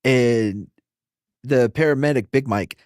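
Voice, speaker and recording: A man casually telling profane, animated stories and acting out the quotes, as a podcast host. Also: medium pitch, slow, no room sound, clean studio sound. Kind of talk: casual storytelling.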